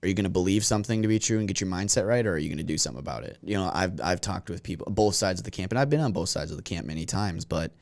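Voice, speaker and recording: A man's voice: sits low, racing, hardly any pauses, no room sound. A man with a Minnesotan accent in casual podcast chat, telling stories and laughing often. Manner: animated storyteller, laughs often. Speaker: podcast guest.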